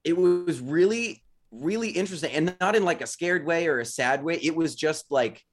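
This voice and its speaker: Casting: man in his thirties, podcast co-host, slightly high voice, loose and rambling delivery. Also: lively intonation, moderate pace. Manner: rambling storyteller, many fillers like "like". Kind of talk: casual chat.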